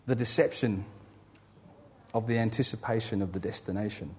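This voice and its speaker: A man preaching a sermon, building emphatic lists and then dropping to a quiet, low close. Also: normal speed. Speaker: pastor.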